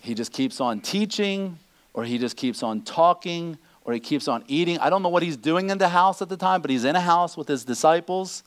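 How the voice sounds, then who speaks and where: A man preaching a sermon, animated, acting out the people he quotes. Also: a little high, brisk. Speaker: pastor.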